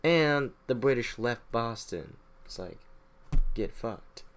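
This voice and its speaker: A man recaps history in a loose, joking way, swearing freely. His voice has a middle pitch, and he talks offhand, like he is chatting with friends. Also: lively intonation, slow, slight background noise. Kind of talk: casual profane history summary.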